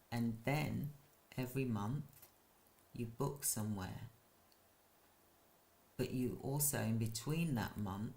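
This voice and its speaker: Guy talking slow on a live stream, gravelly voice, lots of stop-start restarts. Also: mid-range voice, darkish tone. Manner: slow, halting delivery with many restarts. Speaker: care business owner and live-stream host. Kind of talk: casual live-stream advice talk.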